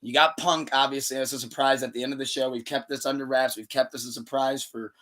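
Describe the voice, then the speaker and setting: A man's voice: mid-range voice, fast. A man hosting a podcast, talking loosely and swearing freely as he retells events and acts out quotes. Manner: animated retelling with acted-out quotes. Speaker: podcast host. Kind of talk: casual chat.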